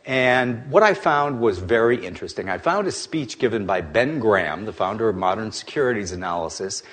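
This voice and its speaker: Animated man telling stories about investing. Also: on the low side, a little fast. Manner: animated, joking, conversational. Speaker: investment speaker. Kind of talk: anecdotal talk to an audience.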